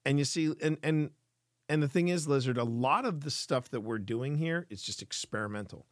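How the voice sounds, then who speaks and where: A man talks to his live-stream chat in a casual, earnest, explanatory way. His voice sits at a medium pitch. The sound is dry and close, with no room echo. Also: animated, normal speed.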